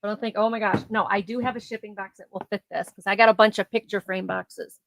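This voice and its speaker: A woman's voice: medium pitch, fairly even intonation, quick pace, vocal fry, no echo, poor audio. A chatty woman running a casual live sale from home, describing items and laughing easily. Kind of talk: casual live auction chat. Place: home, near her garage.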